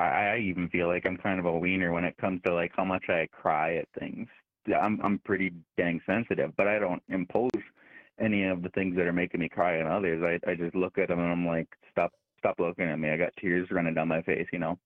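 A man calling in to a talk radio show, earnest and self-deprecating, with halting restarts. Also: on the low side, no echo. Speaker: caller. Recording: phone line.

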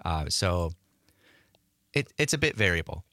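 A man co-hosting a radio talk show, relaxed with hesitant fillers. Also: deep voice, unhurried, no room sound, clean studio sound. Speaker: radio co-host.

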